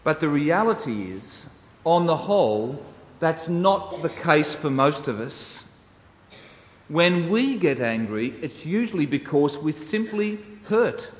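A man with a fairly high voice preaches slowly, telling stories in a measured yet very animated way. Long reverb suggests a large, echoey hall captured from a distant mic.

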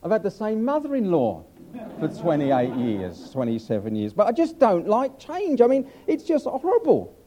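A man's voice: sits high, huge pitch swings, moderate pace, a crowd in the background. An older man preaching a humorous sermon, chatty and self-mocking as he tells stories.

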